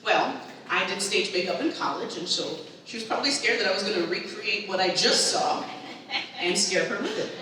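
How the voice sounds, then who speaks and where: A woman performing an animated stand-up routine, acting out her family as she tells the story. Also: mid-range voice, fairly quick, background noise. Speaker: stand-up comedian. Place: live comedy show with a crowd. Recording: echoey hall from far off.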